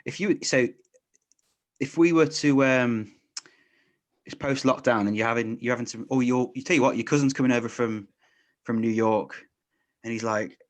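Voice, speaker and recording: A man's voice: medium pitch, moderate pace, long pauses. A man hosting a podcast in casual chat, rambling, often restarting his sentences and laughing. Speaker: podcast host.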